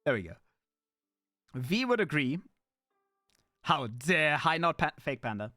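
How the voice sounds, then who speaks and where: A man streaming live in casual chat, playful and animated, jumping from excited squeals to low mutters. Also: takes it slowly, no room sound, faint music behind.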